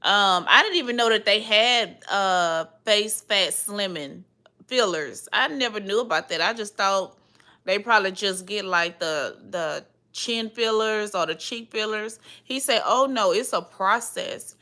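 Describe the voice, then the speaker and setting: A young woman chatting casually to her viewers, animated and slangy, her face swollen after surgery. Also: medium pitch, measured pace. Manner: animated storytelling, laughs and squeals loudly; slangy, calls viewers y'all and cousin. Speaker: vlogger.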